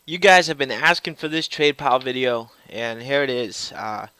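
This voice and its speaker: A man's voice: mid-range voice, expressive, moderate pace, bright, forceful tone, clear, resonant tone, no room sound. A man, hosting a casual gaming vlog, rambling and swearing, repeating words as he goes, a little out of breath. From Boston. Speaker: gaming channel host.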